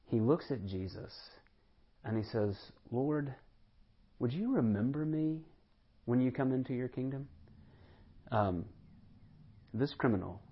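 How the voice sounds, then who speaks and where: Earnest husky-voiced male preacher. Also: mid-range voice, dull audio. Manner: earnest preaching, repeats words and asks rhetorical questions. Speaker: pastor. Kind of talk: sermon.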